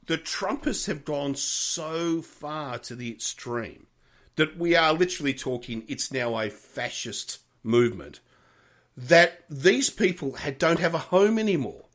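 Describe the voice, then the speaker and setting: A middle-aged man co-hosting a podcast in casual chat, frank and animated, swearing freely and laughing often. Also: fairly high pitch, unhurried. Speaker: podcast co-host.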